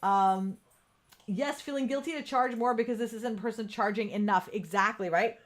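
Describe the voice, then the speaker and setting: A woman's voice: fairly high pitch, normal speed. Candid, profane woman coaching live. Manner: candid and profane, laughs often, reads out viewer comments. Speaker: podcast host. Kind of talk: casual live-stream coaching talk. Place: home room with ring light.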